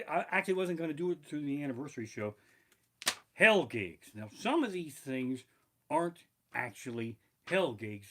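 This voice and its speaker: A man's voice: medium pitch, fairly bright tone. A man comedian telling rambling, profane stories and reading from his notes in a live stream from his living room. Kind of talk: live-streamed storytelling stand-up. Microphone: barebones home streaming mic.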